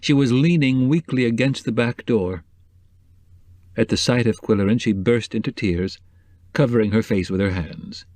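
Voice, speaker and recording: A man narrating a novel in a measured, even way. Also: medium pitch, no echo. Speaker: audiobook narrator. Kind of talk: scripted narration.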